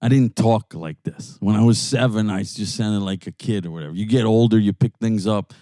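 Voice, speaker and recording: A man's voice: fairly low pitch, a little fast, no echo, studio quality. An older man with a Brooklyn New York accent, co-hosting a crude, rambling podcast chat from a car. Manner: profane, rambling, animated. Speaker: podcast co-host. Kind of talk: crude casual banter. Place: inside a car.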